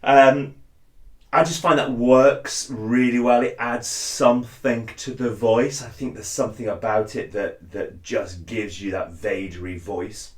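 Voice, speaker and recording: A man's voice: medium pitch, level tone, measured pace. A man hosting a casual cosplay tutorial, friendly and self-effacing, with frequent "uh" fillers and restarts. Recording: roomy echo.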